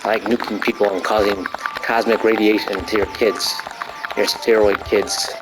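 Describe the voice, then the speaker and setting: A man casually commentating his gameplay, rambling and joking with crude swearing and excited outbursts while stretching. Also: fairly low pitch, normal speed, rough recording. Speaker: gamer commentating his play. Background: arcade game music.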